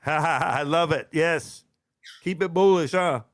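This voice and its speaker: A man's voice: fairly high pitch, slow. Rambling casual male stream host. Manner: rambling, restarts, says "right?" often. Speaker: host of a live internet radio show. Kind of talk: casual live-stream chat. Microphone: desk microphone.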